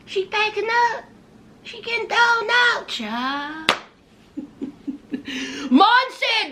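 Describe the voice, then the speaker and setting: A woman giving sassy, animated casual commentary on a reality show, with folksy asides. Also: extremely high pitch, slow pace, pauses often, a little hiss or hum.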